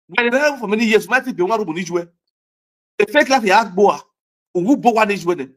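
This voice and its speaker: A man's voice: sits high, expressive, fast talker, a bit bright. A man with a Nigerian accent giving a heated, repetitive vlog rant as a social media commentator, scolding his viewers. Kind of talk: ranting vlog monologue.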